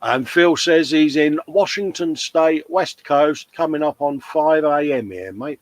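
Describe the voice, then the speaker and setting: A man's voice: a little high, unhurried, no echo, low-quality recording. A man co-hosting a hobby livestream, casually chatting and reading out viewer comments, calling everyone mate. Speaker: livestream co-host.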